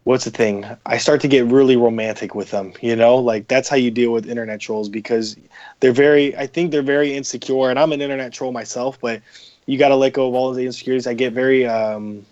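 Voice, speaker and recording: A man's voice: mid-range voice, steady tone, fast, a little mellow, highs cut off. A man, a podcast guest, chatting casually in a rambling, profane way with many fillers. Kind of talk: casual chat.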